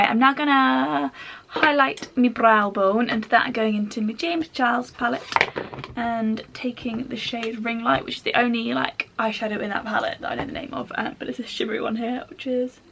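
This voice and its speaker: A young woman talks casually through a makeup tutorial. Her voice sits high, with a gravelly fry at the ends of phrases. She keeps things slangy and chatty, with a faint hiss of noise behind her. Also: steady tone, normal speed. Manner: chatty and slangy, with soft half-whispered asides. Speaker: beauty vlogger.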